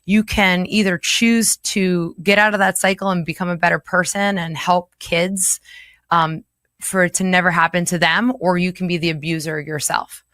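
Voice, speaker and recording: A woman in her forties with a low-pitched voice, speaking earnestly as an interview guest. She is candid and emotional, and she laughs often between hard memories. Her voice is recorded dry and close, with no room echo. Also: steady tone, normal speed, a bit bright. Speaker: interview guest, local chapter chair.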